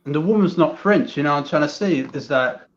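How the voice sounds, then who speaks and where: A man's voice: a little high, animated, quick pace, echoey room. Hesitant man on a muffled call. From England. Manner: hesitant, many restarts and fillers. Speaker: guest. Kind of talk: casual chat.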